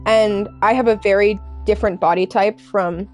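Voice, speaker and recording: A young adult woman streaming live and chatting with viewers in a candid, earnest way, halting often with fillers and restarts. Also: medium pitch, fairly even intonation, darkish tone, faint music behind. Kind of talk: casual chat with stream viewers.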